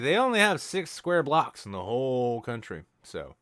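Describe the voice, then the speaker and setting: A man hosting a podcast, rambling through absurd deadpan comic riffs in casual chat. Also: mid-range voice, normal speed, no room sound, studio quality. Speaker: podcast host.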